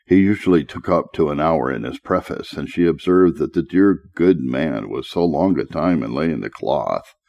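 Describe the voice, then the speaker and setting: A man with a very low voice reads a classic lecture on preaching aloud. His tone is dark and mellow, and his delivery is steady and deliberate. He slows down to stress the phrases that matter most. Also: gravelly. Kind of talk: measured scripted reading.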